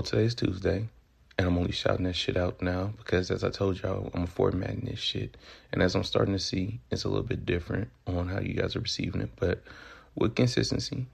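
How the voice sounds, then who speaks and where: Southern guy hosting his own podcast, deep raspy voice, loose and cussing. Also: a little mellow. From Memphis, Tennessee. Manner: loose, profane, joking. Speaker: podcast host. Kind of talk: casual solo podcast monologue.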